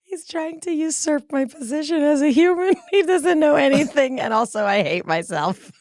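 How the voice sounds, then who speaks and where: A woman's voice: high-pitched, lively intonation, moderate pace, a little mellow, no room sound, studio quality. A woman hosting a podcast, running a playful banter game, teasing and self-mocking and laughing often. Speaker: podcast host.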